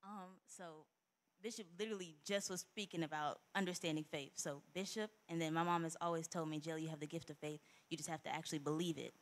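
A young woman giving a chatty church testimony, quickly retelling conversations. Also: sits low, fairly even intonation. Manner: rapid, chatty storytelling with quoted dialogue. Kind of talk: spoken testimony. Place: church sanctuary.

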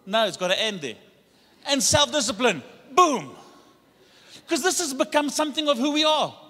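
High bright-voiced pastor preaching in a church hall. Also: male voice, animated, a little fast. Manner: rousing, leads congregation in call-and-response declarations. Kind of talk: sermon. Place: church sanctuary. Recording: church hall with long reverb.

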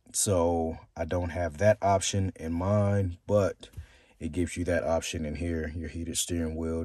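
A man's voice: low-pitched, warm tone, dry recording. A man casually demonstrating a car stereo from inside his car, rambling and hesitant with many fillers. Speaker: car audio reviewer.

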